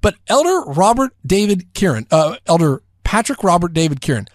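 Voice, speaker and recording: A man's voice: high voice, sing-song, fairly quick, no room sound, clean studio sound. A man co-hosting a podcast in casual chat, telling stories and acting out the people he quotes. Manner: storytelling, acts out quoted characters. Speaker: podcast co-host.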